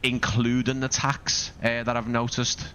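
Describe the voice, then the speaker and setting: A man's voice: mid-range voice, level tone, measured pace, fairly bright tone, a little hiss or hum. A man from Liverpool with a Scouse accent, chatting casually while live-streaming a flight simulator, rambling and thinking aloud with asides to his viewers. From Liverpool, England.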